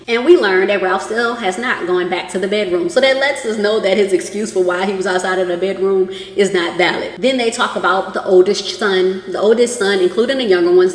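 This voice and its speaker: A chatty woman recapping a reality show in a casual way, slipping into the voices of the people she quotes. Her voice sits at an ordinary pitch. The room is echoey, with a long reverb trailing her words.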